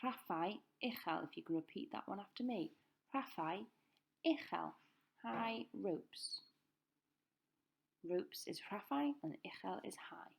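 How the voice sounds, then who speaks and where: A woman teaching a recorded language lesson, saying each word slowly and clearly for pupils to repeat. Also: medium pitch, expressive. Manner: slow, careful pronunciation drills. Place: school.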